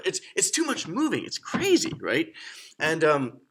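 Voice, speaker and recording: Man, music teacher, kids' lesson, lively sing-song delivery, fairly high voice, faint noise. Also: a little slow. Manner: upbeat, counts and chants rhythms aloud.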